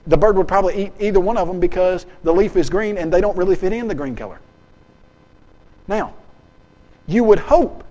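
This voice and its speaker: High-voiced man lecturing in a hall. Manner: lively and emphatic, acts out dialogues and asks the audience questions. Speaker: seminar speaker. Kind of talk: animated seminar lecture. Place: seminar hall with an audience. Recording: long hall reverb.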